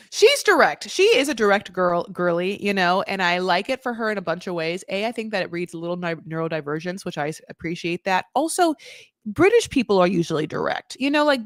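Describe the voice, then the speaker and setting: A woman hosting a comedic recap, chatty and animated, laughing often and acting out quotes. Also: on the low side, dry recording, studio quality. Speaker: comedic recap podcast host.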